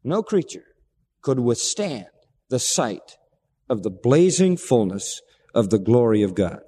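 A man preaching a sermon, swinging dramatically between loud, raised passages and hushed, low ones. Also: sing-song, unhurried. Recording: long reverb of a large hall.

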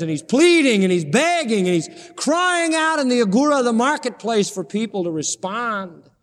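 Man, pastor, impassioned pleading sermon, high-pitched voice, long hall reverb. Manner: impassioned, pleading preaching with sudden rises and drops.

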